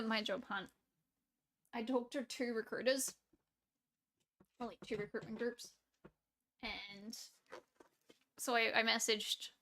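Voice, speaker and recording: A woman's voice: fairly high pitch, fairly bright tone. A woman with an Australian accent, chatting casually on a live stream in a rambling way, often laughing and trailing off. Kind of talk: casual chat with a live audience.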